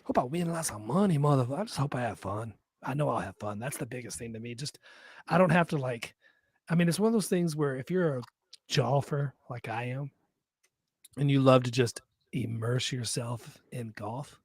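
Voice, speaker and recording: A man's voice: mid-range voice, normal speed, breathy edge, dry recording, studio quality. Profane rambling podcast host man. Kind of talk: casual live podcast chat.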